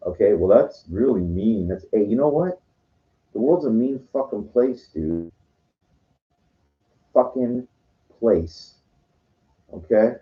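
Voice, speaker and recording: In this rambling vlog monologue, a man with a lowish voice talks slowly and animatedly, leaving long pauses. He meanders, swears, and leans heavily on fillers like "you know" and "like." The lo-fi recording sounds dull.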